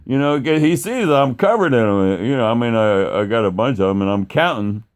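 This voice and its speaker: A man's voice: mid-range voice, lively intonation, fairly quick, clean tone. A man telling a story casually, rambling and swearing, with plenty of fillers. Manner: rambling and profane, with many fillers and acted-out quotes.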